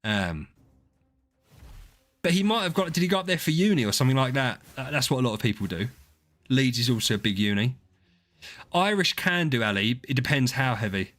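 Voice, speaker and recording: Lively streamer guy. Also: mid-range voice, a little fast, pauses often, faint music behind. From southeast England. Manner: chatty, rambling, swears, reads out viewer names. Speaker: game streamer. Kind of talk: casual live-stream chat with viewers.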